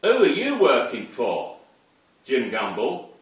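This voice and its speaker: A man's voice: mid-range voice, huge pitch swings, takes it slowly. Furious man, echoey and distant. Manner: angry, profane, accusing. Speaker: online commentator. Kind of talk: unscripted rant to camera. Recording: very echoey room, far from the mic.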